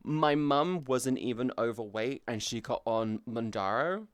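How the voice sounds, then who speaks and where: A man's voice: medium pitch, unhurried, clear, resonant tone, dry recording. A British man chatting casually on a live stream, rambling and swearing as he goes, with lots of restarts, close to the mic. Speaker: VTuber streamer.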